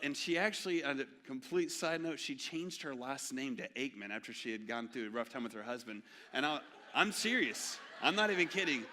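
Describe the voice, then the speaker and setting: A man, preaching an animated, joking sermon in a church. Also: medium pitch. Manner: storytelling, animated and jokey. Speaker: pastor. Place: church sanctuary.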